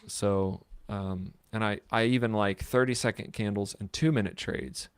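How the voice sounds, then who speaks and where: A man's voice: on the low side, fairly even intonation, normal speed, smooth, no echo. A man co-hosting a podcast in rambling casual chat, often restarting his sentences. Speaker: podcast co-host.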